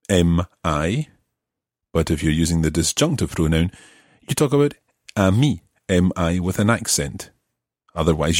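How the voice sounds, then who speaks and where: A man's voice: sits low, darkish tone, breathy edge, no room sound, studio quality. A man teaching a language lesson, explaining grammar patiently and methodically.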